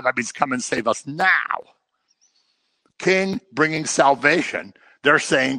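A man's voice: mid-range voice, animated, normal speed, sharp tone, no room sound. A man teaching through a Bible passage verse by verse, conversational and explanatory with humorous asides.

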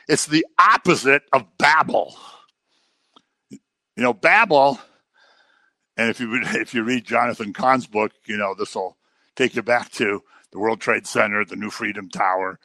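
A man preaching a sermon in a conversational, animated way, sometimes acting out the people he quotes. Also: fairly high pitch, no room sound.

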